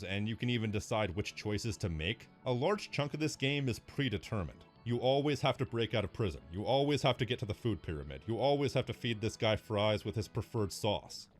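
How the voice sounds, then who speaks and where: Wry male video narrator. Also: medium pitch. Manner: wry, measured commentary. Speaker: video essayist.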